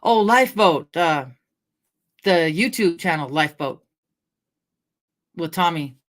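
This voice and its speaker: A woman's voice: on the low side, expressive, takes it slowly. A middle-aged woman from Washington State chatting casually on a livestream, rambling through stories, laughing often and greeting viewers by name. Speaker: livestream host. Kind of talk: casual chat with live chat readers.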